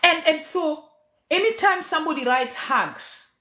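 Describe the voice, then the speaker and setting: A woman who is a teacher, public speaker and MC talks passionately to her followers, emphatic and preacher-like, moving between loud and quiet. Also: sits high, expressive, unhurried. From Kenya. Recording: echoey room.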